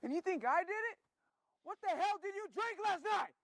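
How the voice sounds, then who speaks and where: A man playing an agitated backwoods man, shouting. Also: extremely high pitch, animated, moderate pace, no room sound. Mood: incredulous. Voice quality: forced country accent. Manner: shouting, incredulous. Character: agitated rural man accused of kidnapping. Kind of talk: indie horror short film acting.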